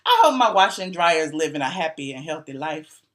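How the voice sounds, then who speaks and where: A woman hosting a gossip commentary channel, talking to her viewers in a sassy, animated, teasing way and laughing often. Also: low voice, a little fast. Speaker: YouTube commentary host.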